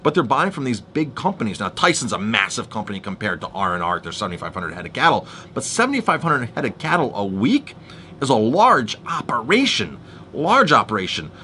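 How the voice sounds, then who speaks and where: A man vents in an animated, casual monologue, his voice bright and ringing. His pitch swings widely as he restarts and acts out past arguments. A faint rumble sits underneath. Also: brisk. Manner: animated storytelling, restarts, acts out quoted exchanges.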